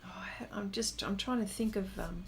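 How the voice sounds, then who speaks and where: A woman's voice: mid-range voice, brisk, creaky, soft background music. A middle-aged woman artist hosting a livestream, reading viewers' comments aloud and chatting back with lots of fillers. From lives in Texas. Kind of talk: casual livestream chat while drawing.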